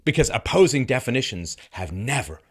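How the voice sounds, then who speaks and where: A male commentary host giving an emphatic, sarcastic monologue full of rhetorical questions and chuckles, dropping from loud mocking peaks to low, grave tones. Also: sing-song, a little fast, breathy edge. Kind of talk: commentary monologue reacting to a news segment.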